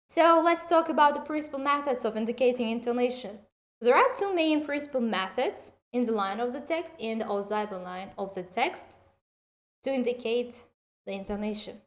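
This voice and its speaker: A woman gives an online university lecture, speaking slowly and deliberately and addressing her students directly. Her voice is a little high.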